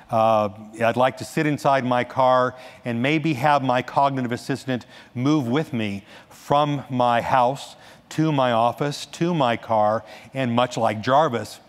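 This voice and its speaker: A man giving a conference talk on stage, animated, restarting sentences and adding asides as he goes. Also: mid-range voice. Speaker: conference speaker. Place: large conference hall. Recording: echoey hall reverb.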